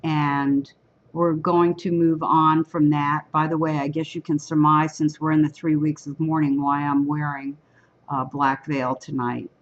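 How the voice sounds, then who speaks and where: A woman with a raspy voice leading an online prayer service and reading a psalm aloud slowly and solemnly, heard over a computer microphone on a video call. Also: sits low, flat delivery, muffled recording.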